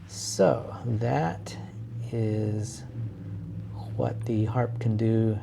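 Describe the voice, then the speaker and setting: Gravelly, slow-talking man teaching orchestration. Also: medium pitch, mellow. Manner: casual, thinking aloud with fillers and restarts. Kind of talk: screen-share music lesson.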